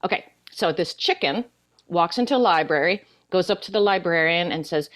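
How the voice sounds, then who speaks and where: An older woman, an actress guest in a casual interview, chatting and telling a long joke in an animated way. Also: lowish voice, fairly quick.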